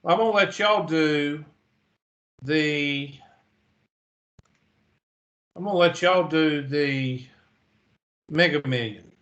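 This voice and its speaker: A man's fairly high, fairly bright voice comes through a muffled recording as he teaches math. Yawning and drowsy, he reads the numbers and calculator steps slowly and methodically, one digit after another.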